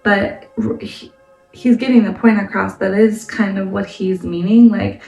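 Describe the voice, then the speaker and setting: In an echoey room with faint music and a far-off microphone, a woman chats her way through a casual Bible study vlog, laughing as she explains and leaning on "like" and "right?". Her medium-pitched voice is creaky and darkish, with a steady tone and measured pace.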